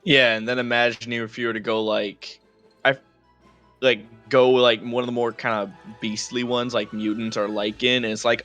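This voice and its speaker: Bright-voiced, chatty gaming man. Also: mid-range voice, little pitch movement, moderate pace, soft background music. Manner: enthusiastic, chatty, laughs often. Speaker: player. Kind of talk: casual chat before a tabletop game.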